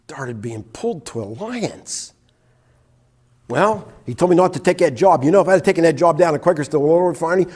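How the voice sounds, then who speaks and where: Speaking in church, an older man tells his own testimony, mimicking what was said and laughing at himself. His husky voice is high-pitched and a little mellow.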